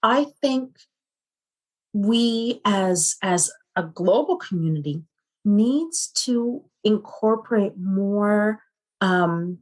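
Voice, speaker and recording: A woman's voice: mid-range voice, lively intonation, extremely slow. Earnest woman therapist in conversation. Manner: earnest, often asks rhetorical questions. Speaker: psychotherapist guest. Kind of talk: conversational interview.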